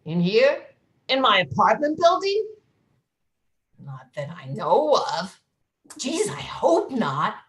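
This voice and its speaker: A woman's voice: a little high, big pitch swings, slow, pauses often, reverberant. A woman playing a brash, heckling woman on a stoop. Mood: sardonic. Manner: pushy, sardonic street heckling. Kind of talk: improvised comedy reading. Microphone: video call.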